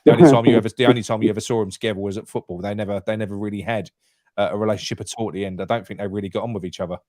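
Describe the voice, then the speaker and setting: Chatty London host with a dry voice. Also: male voice, lowish voice, fairly even intonation, very fast, warm tone, no room sound. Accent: London English. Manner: chatty, swears freely, many restarts. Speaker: phone-in host. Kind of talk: casual fan phone-in chat.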